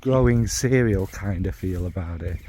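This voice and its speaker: Mellow-voiced Northern English man rambling. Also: low voice, moderate pace, a little hiss or hum. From Northern England. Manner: meandering, searching for descriptive words; blunt, with occasional swearing. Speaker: fragrance reviewer. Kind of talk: casual spoken review.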